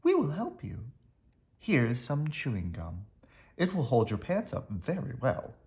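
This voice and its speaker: A man voicing a group of kind children in a storybook read-aloud, speaking gently and sympathetically. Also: mid-range voice, wildly swooping pitch, measured pace.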